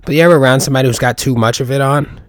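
A man's voice: mid-range voice, rapid-fire, no echo, studio quality. A young man hosting his own podcast, rambling through profane, jokey riffs full of rhetorical questions. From New York. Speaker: podcast host. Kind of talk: casual solo podcast monologue.

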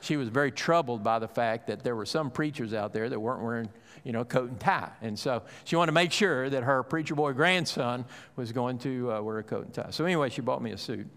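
A man's voice: mid-range voice, fairly quick, few pauses, fairly bright tone. A middle-aged male pastor delivers a sermon in a conversational storytelling manner, full of little hesitations and restarts. His voice sits in an ordinary male middle range. The sound carries a long reverb, as if it was captured in a large church hall.

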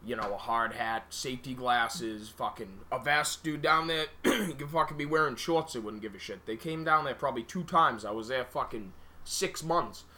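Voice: mid-range voice, normal speed, bright, forceful tone. A young co-host on a casual podcast who rants bluntly and swears constantly. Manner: profane, blunt, ranting.

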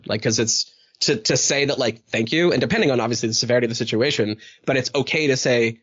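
A man's voice: mid-range voice, quick pace, fairly bright tone, slightly rough. Man, podcast host, casual chat, many fillers, acts out quotes, muffled lo-fi sound. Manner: rambling, many fillers and restarts.

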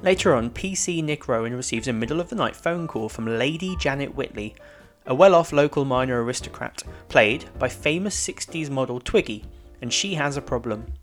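A man's voice: mid-range voice, animated, moderate pace, soft background music. A man hosting a podcast, recapping a TV episode in plain, matter-of-fact narration. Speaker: podcast host.

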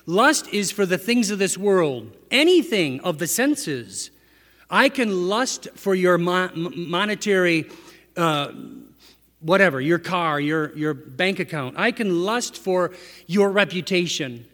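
A man with a high-sitting, slightly bright voice preaches a sermon slowly and animatedly, keeping it conversational and posing rhetorical questions to his listeners. The recording has echoey hall reverb.

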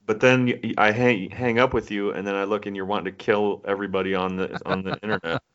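A man's voice: on the low side, flat delivery, fast, fairly bright tone. A man in his thirties co-hosting a podcast, chatting casually in a laid-back, teasing way. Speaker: podcast co-host. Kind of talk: casual chat. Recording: dull lo-fi audio.

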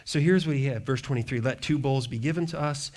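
A man preaching a sermon, reading scripture aloud and breaking off into joking asides, swinging from hushed to loud. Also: mid-range voice, fast talker. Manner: reads scripture then riffs with humor and asides. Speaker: pastor.

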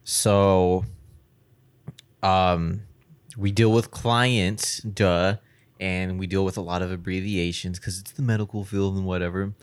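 A man's voice: low voice, steady tone, slow, clean tone. Young guy chatting casually, slangy and laid back, swears a lot, tells work stories. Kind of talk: casual chat.

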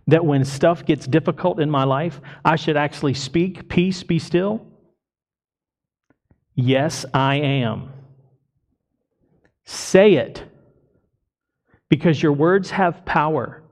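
A man's voice: on the high side, takes it slowly, pauses often. A male pastor delivering a sermon to his congregation, emphatic and full of rhetorical questions. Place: church congregation.

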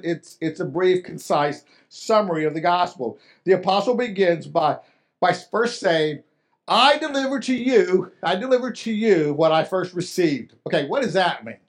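A man with a high voice preaches a sermon, talking to his listeners as if in conversation. He restarts and repeats his words and asks them questions. His volume swings between quiet and loud to drive his points home. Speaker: pastor.

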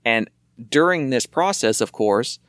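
A man's voice: medium pitch, expressive, measured pace, fairly bright tone, dry recording, clean studio sound. A man in casual conversation, rambling and repeating words as he searches for them. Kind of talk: casual chat.

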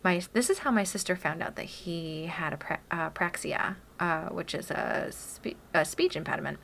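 Female co-host, bright and slightly low, thoughtful storyteller. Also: expressive, normal speed, gravelly. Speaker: podcast co-host. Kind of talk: casual parenting chat.

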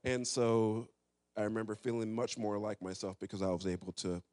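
A man's voice: on the low side, fairly even intonation, a little fast, darkish tone. A man earnestly telling a personal story in casual talk, reflective and open.

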